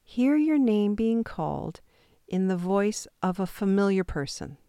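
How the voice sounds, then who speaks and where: A woman calmly and patiently leading a guided intuition exercise step by step, with the odd self-deprecating aside. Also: medium pitch, unhurried, clear, resonant tone, no echo, clean studio sound. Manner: calm, patient step-by-step instructions. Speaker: intuition teacher.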